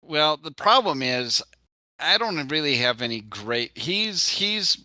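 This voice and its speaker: Bright-voiced man rambling as a player. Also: a little high, sing-song, slow, dry recording. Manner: rambling, self-correcting. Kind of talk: playing a tabletop game.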